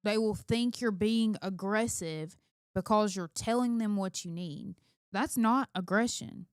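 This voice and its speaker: A woman's voice: mid-range voice, a little slow, smooth, dry recording, studio quality. A middle-aged woman co-hosting a casual chat. She speaks emphatically and candidly, reflecting on her own habits. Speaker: co-host, mother of two.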